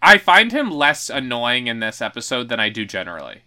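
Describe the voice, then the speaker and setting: Woman podcast co-host, low bright voice with lively pitch, expressive casual chat. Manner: expressive, quick reactions, laughs often.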